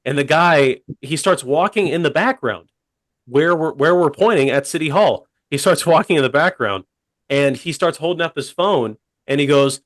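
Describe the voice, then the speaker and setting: A man telling a funny story on a podcast in a deadpan, rambling way, full of fillers. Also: fairly high pitch, normal speed, no room sound. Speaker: podcast co-host. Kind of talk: casual comedic storytelling.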